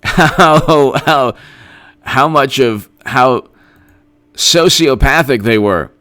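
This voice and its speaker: A man's voice: mid-range voice, drawn-out words, sharp tone. A man hosting a live-stream political commentary, talking in a sarcastic, rambling, mocking way.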